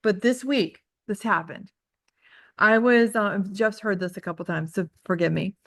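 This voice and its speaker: A woman's voice: mid-range voice, normal speed, fairly bright tone, dry recording, clean studio sound. Chatty woman coaching with candid stories. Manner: chatty storytelling, heavy use of "like"; self-deprecating and candid. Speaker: real estate trainer. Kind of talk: casual group coaching talk.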